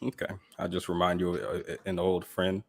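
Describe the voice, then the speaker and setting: Deep-voiced man with a Southern accent. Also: monotone, moderate pace. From Georgia, US. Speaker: livestream guest. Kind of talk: casual livestream chat.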